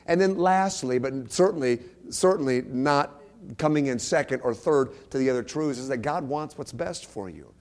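A man preaching a sermon in a church, emphatic, repeating key phrases and swinging from soft to loud. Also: medium pitch, moderate pace. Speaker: pastor.

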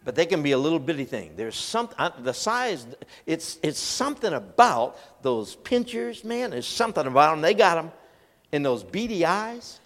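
A man preaching a storytelling sermon in a folksy, animated way, acting out voices as he tells stories. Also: a little high, normal speed. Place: large church hall. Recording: long hall reverb.

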